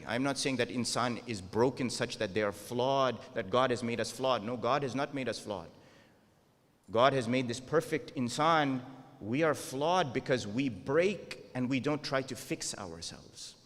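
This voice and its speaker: Male preacher, mid-pitched, earnest and questioning, long hall reverb. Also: animated, normal speed, fairly bright tone. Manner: earnest, rhetorical questions to the audience. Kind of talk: sermon.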